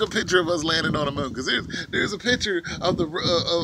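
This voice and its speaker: A man ranting casually in a vlog from his porch, animated and mocking, often laughing. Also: a little high, a little slow, noisy background. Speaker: vlogger. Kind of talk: casual opinion rant.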